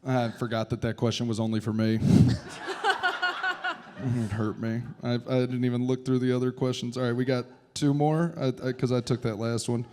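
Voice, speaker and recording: A man telling loud, profane, laughing stories on a comedy club stage into a handheld mic. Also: medium pitch, level tone, normal speed, slight background noise. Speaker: comedian and teacher. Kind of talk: live comedy Q&A storytelling.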